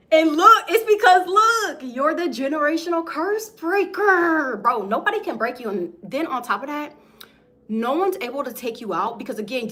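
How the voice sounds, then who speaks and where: Young woman tarot reader, casual and emphatic, slangy delivery, slightly high pitch. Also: a bit bright. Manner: slangy, emphatic, keeps asking "okay?". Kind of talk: casual tarot reading to viewers.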